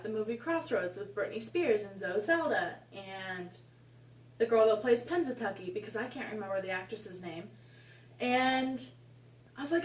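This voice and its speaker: A woman's voice: medium pitch, lively intonation, moderate pace. Twenties woman, casual storyteller with exasperated asides, recorded at a distance in a roomy space. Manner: chatty, rambling, exasperated asides. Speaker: vlogger. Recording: echoey room, mic at a distance.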